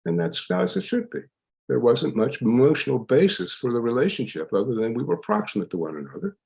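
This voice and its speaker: An older man, a psychologist, explaining ideas in an emphatic lecture style with a gravelly voice. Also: medium pitch, fairly quick. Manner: lively, emphatic, laughs while explaining. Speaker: psychologist guest. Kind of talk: lecture-style interview answers.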